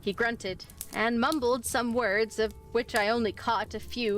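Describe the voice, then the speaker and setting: A woman reading a spooky story aloud on a live stream, expressive in how she voices the dialogue. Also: on the high side, unhurried, few pauses. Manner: expressive, lively voicing of dialogue. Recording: faint music behind.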